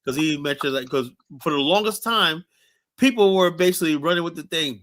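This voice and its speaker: A man hosting a streamed talk, telling stories in an animated way as he sets up a clip. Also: on the high side, normal speed. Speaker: podcast host.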